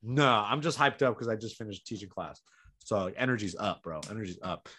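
A young man co-hosting a casual sports chat, animated and profane, often repeating himself. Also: lowish voice, brisk, husky. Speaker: podcast co-host.

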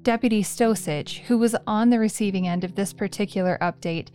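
A woman narrating a true crime podcast in a calm, measured scripted read. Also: mid-range voice, faint music behind.

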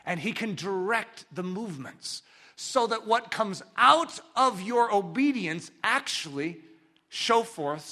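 Man, pastor preaching, very bright voice, lively pitch, loud bursts and quiet asides. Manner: dynamic preaching, swinging between loud exclamations and quiet asides. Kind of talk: sermon.

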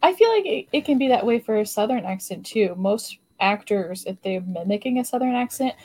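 A woman's voice: medium pitch, lively intonation, fairly quick, mellow. A woman co-hosting a podcast in casual chat, giggly and loose, full of "like" fillers. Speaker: podcast co-host.

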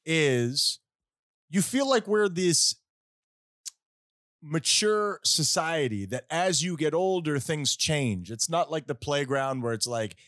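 A man's voice: a little high, animated, slow, fairly bright tone, dry recording, clean studio sound. A man co-hosting a comedy podcast in a casual chat, joking and teasing his partner. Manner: joking, teasing, keeps saying the other host's name. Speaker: podcast co-host.

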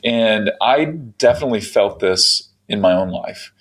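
A middle-aged American man with an American accent and a voice a little on the low side. He talks earnestly in a casual faith conversation, restarting his thoughts and searching for words. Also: lively intonation, a little slow. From United States. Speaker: podcast guest.

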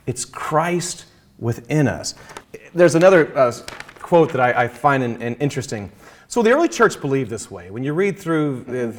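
A man in conversation, earnestly explaining his Christian faith and quoting scripture, slowing down to stress key phrases. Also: medium pitch. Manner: quotes scripture, halting restarts. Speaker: Christian guest speaker.

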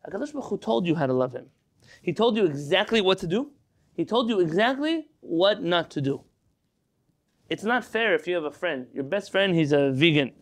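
High-voiced male teacher giving a Torah lecture, reading Hebrew and explaining it in English. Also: expressive, fairly quick. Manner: reads Hebrew text then explains in English, asks rhetorical questions.

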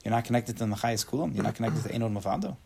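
Man, casual Torah class, husky, gravelly, acts out angry voices, questions the class. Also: medium pitch, rapid-fire, darkish tone. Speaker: Torah teacher. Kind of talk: casual shiur, reading and explaining a text.

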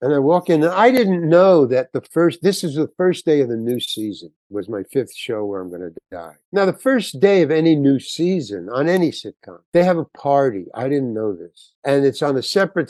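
A man's voice: mid-range voice, no room sound. An older man, a guest actor on an interview show, telling a long anecdote and acting out the voices of the people in it. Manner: animated storyteller acting out quotes.

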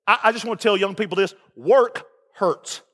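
A man's voice: high-pitched, steady tone, very fast, bright, forceful tone, long reverb tail. A man preaching a sermon, folksy and emphatic, with call-and-response asides to the congregation. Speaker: pastor. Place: church sanctuary.

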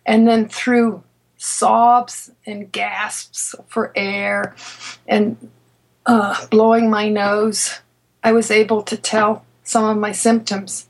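A woman guest telling a personal story in conversation, halting and restarting her sentences, laughing now and then. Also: medium pitch, level tone, low-quality recording. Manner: halting, with many restarts and repeated words. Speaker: interview guest.

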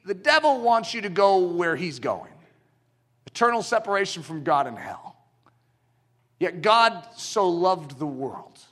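A man preaching a sermon, animated and storytelling, acting out quick dialogue in his illustrations. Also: high-pitched.

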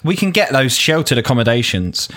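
A young man with a London accent, chatting casually as a podcast co-host. His pitch moves around animatedly, and he laughs easily between his thoughts. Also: sing-song, a little fast, a bit bright. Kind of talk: casual chat.

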